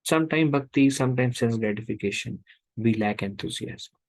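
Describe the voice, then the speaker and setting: A man's voice: mid-range voice, fairly quick, dry recording, poor audio. A man teaching a scripture class, rhetorical and acting out inner voices.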